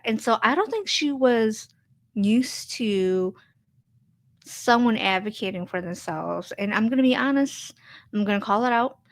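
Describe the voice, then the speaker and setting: A woman's voice: medium pitch, a bit bright. A woman in her thirties, a social worker and host, telling a personal story in a candid, emphatic way, repeating her points bluntly.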